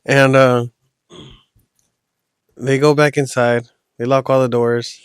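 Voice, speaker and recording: A man's voice: medium pitch, little pitch movement, slow, smooth, no room sound, studio quality. A man hosting a podcast, telling a horror story in a loose, casual way with slang. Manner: loose, rambling retelling with slang.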